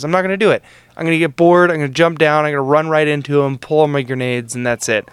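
A man's voice: on the high side, fast, clean tone, dry recording. A man in his thirties hosting a podcast, joking and poking fun at himself in casual chat. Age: 30s. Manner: joking, self-mocking. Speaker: podcast host.

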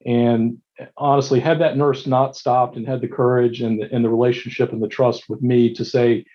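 During a panel discussion, a male emergency physician and medical director recounts stories from his shifts, restarting often and using many fillers. He speaks at medium pitch, flatly and at a moderate pace, on lo-fi audio.

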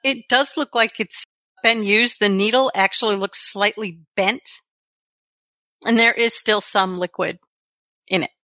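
A woman runs a tabletop game, laying out each scene with steady description. Her voice is bright and forceful. The recording is dry with a slightly muffled tone. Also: medium pitch, unhurried, long pauses, no room sound. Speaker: game master.

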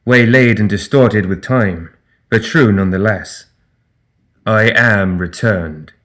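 A male narrator voices an ancient fae queen in this fantasy audiobook. She speaks slowly and solemnly, in a lowish, regal voice. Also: fairly bright tone. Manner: slow, solemn, regal delivery.

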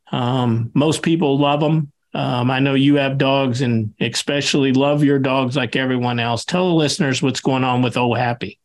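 A man hosting a podcast who opens the episode and asks questions gently, with many hesitant fillers. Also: medium pitch. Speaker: podcast host. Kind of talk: podcast interview.

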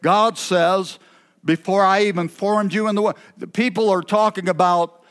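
A man's voice: high voice, fairly even intonation, normal speed, fairly bright tone. Folksy preacher man, raised voice. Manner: folksy, chatty asides with throat-clearing. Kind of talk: sermon. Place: church.

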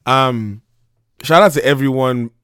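A young man hosting a podcast, teasing and excitable, with his voice going hoarse. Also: mid-range voice, unhurried, dry recording, clean studio sound. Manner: teasing, loud and excitable, slips into Nigerian pidgin. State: losing his voice. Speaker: podcast host. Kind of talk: casual podcast banter.

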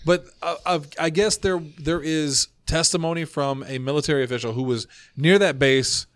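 A man hosting a casual podcast, telling stories from his notes with quick asides. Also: on the high side, fairly even intonation, clear, resonant tone, dry recording, clean studio sound. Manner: chatty storyteller, reads notes, quick asides. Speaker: podcast host.

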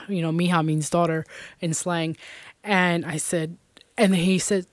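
A woman's voice: lowish voice, steady tone, unhurried, dry recording. A middle-aged woman giving an earnest personal testimony in an interview, with many "you know"s and "um"s. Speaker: interview guest.

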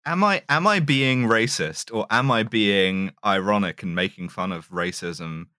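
A man co-hosting a podcast in casual chat, animated and sarcastic, swearing freely. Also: lowish voice, a little slow, no echo, clean studio sound. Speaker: podcast co-host.

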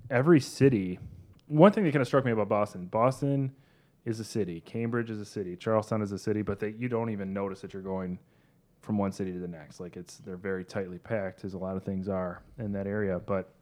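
A man's voice: fairly low pitch, fairly quick, darkish tone. A man co-hosting a podcast in casual chat, rambling and self-deprecating with many fillers. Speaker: podcast co-host.

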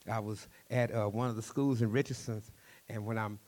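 A man with a Cajun accent, a storyteller talking in an interview, animated and quick, often repeating words. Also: fairly low pitch.

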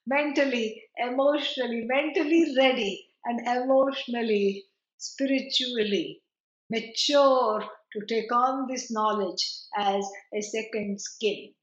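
A woman teaches scripture in a chatty, digressive way, dropping asides as she goes. Her voice sits high, and the sound is roomy and somewhat dull, like a lo-fi recording of a lecture. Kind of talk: spiritual lecture.

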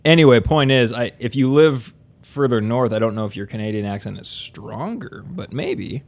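A man hosts a loose, casual podcast, full of jokes and quick asides. His pitch sits mid-range for a man. He rambles freely, thinking aloud as he goes. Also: lively intonation, vocal fry. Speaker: podcast host. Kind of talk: casual banter.

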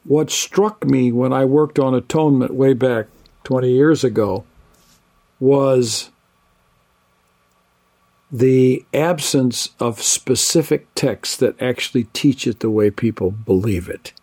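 Speaking with a medium-pitched, somewhat dark voice, an older man who studies the Bible answers interview questions in a measured, conversational way, listing terms one after another.

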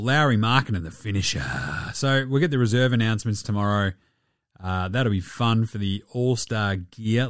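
A man's voice: medium pitch, dry recording, studio quality. A man hosting a casual basketball show, swearing freely and reeling off stats with jokes. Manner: sweary, joking, rapid-fire stats. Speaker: basketball podcast host. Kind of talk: casual sports commentary.

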